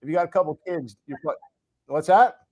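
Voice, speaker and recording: A man's voice: on the high side, brisk, dark tone, highs cut off. A man hosting a podcast in casual chat, rambling with many fillers and restarts. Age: parent of children. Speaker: podcast host.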